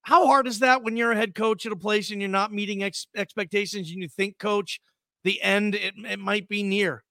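A man's voice: sits high, fairly even intonation, normal speed, no room sound, studio quality. A man hosting a casual sports podcast, teasing his co-host and talking emphatically. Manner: teasing, emphatic, swings between loud and quiet.

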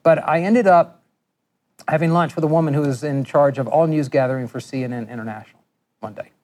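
A middle-aged man giving a lecture, telling animated workplace anecdotes and acting out the voices of people he quotes. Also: on the high side, brisk. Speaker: guest lecturer. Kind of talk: storytelling lecture.

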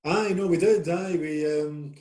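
A middle-aged Scottish man, a former footballer, is interviewed and tells rambling, self-deprecating stories in a casual way. His voice is slightly high and a little mellow at a measured pace, in a roomy, echoey recording.

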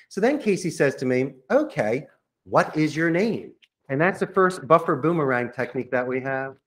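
Energetic salesman man coaching. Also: medium pitch. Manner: energetic salesman, coaching listeners with role-played phone calls. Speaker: call center CEO, guest. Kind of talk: podcast interview, coaching monologue.

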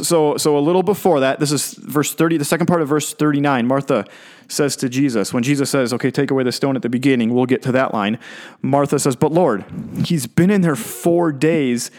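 A man who is a pastor, preaching in a conversational, animated way and often restarting or repeating his words. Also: mid-range voice, fast talker. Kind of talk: conversational sermon.

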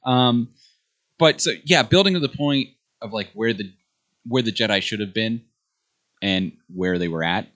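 A young man hosting a podcast in a relaxed, joking way, with plenty of fillers. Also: on the low side, a little slow, long pauses. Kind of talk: casual podcast chat.

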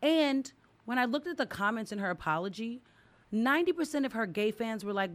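A woman co-hosting a podcast, chatting casually with a relaxed manner. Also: mid-range voice, normal speed. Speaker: podcast co-host. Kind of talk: casual chat.

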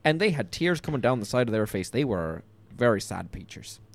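A man's voice: medium pitch, very animated, vocal fry, voice pushed down. A man voicing a rambling old school friend from the countryside who hesitates and loses his thread, in an improvised phone-call comedy bit. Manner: hesitant, rambling, full of pauses.

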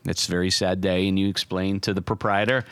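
A man's voice: deep voice, level tone, fast talker, a bit bright, clear, resonant tone, no room sound. A man hosting a podcast, telling a long, silly game scenario in a playful, casual way. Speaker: podcast host. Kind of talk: casual storytelling chat.

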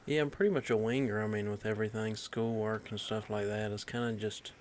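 A man's voice: lowish voice, fairly even intonation, brisk, darkish tone, slight background noise. A man with a Southern US accent, a guest chatting easily and self-deprecatingly on a podcast. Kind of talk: casual chat.

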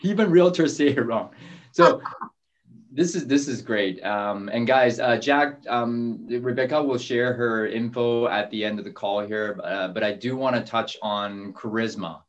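Male host of a group call, relaxed and conversational, mid-range voice. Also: medium pitch, measured pace, muffled recording. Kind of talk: casual conversational hosting.

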